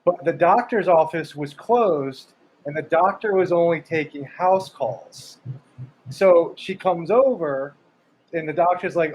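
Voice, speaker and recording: A man's voice: on the high side, a little slow, darkish tone, breathy edge, highs cut off. A man co-hosting a podcast in casual chat, rambling and joking as he spins a made-up story. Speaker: podcast co-host.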